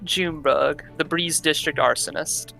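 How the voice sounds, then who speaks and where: A man joining in a tabletop game, his voice higher than most and very bright. He sounds quick and playful, with faint music behind him. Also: steady tone, creaky, rough recording. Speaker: player. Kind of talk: casual tabletop play.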